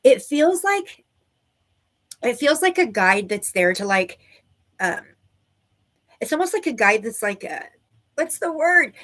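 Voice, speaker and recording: A woman's voice: a little high, sing-song, slow, pauses often, fairly bright tone. A woman teaching a live online tarot class and giving intuitive readings to viewers, talking loosely and searching for her words, with frequent "right?" asides.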